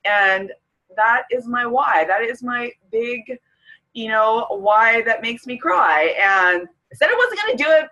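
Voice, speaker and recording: A woman's voice: on the high side, expressive, unhurried, bright, forceful tone, rough recording. A middle-aged woman from Canada, a fitness coach, talking openly to camera in a personal vlog, emotional and close to tears. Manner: emotional, tearful, candid.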